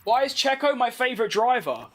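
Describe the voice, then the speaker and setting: A man with a London accent streaming a racing game, chatting with viewers and yelling excitedly at the race. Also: extremely high pitch, a little fast. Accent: London English. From London, England. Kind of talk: live gameplay commentary and chat.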